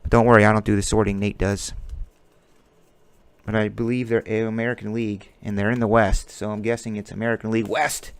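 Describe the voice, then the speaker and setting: A man's voice: on the low side, flat delivery, a little fast, gravelly, slight background noise. A man hosting a card-breaking stream, chatting casually and joking as he calls out player names while opening packs.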